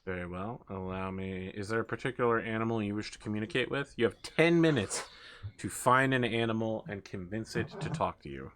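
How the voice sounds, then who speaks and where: A man's voice: lowish voice, a little fast, fairly bright tone, a little hiss or hum. A man narrating as game master for a tabletop game, playful and teasing with his players.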